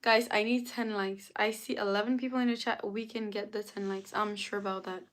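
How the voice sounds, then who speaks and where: A young woman live-streaming, chatting casually with her viewers and greeting them by name in a drawn-out way. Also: mid-range voice, fairly even intonation, a bit bright. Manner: drawn-out, greets and reads out chat names.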